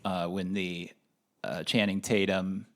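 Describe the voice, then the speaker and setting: A man's voice: low voice, slow. An enthusiastic American man co-hosting a podcast, chatting casually and nostalgically. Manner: enthusiastic, nostalgic, animated when reliving memories. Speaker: podcast co-host, film professor. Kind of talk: casual chat.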